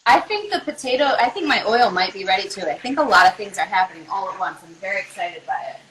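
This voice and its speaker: A woman's voice: medium pitch, animated, fast talker. A woman in a mid-range voice hosts a cooking call from her home kitchen. She's eager and giggly and full of questions, with a faint noisy hiss behind the line. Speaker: host. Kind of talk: casual cooking show chat.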